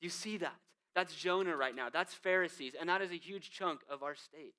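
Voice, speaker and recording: A man's voice: a little high, normal speed, pushed and bright, clean tone. A male lead pastor preaching a conversational sermon, full of rhetorical questions and emphatic asides.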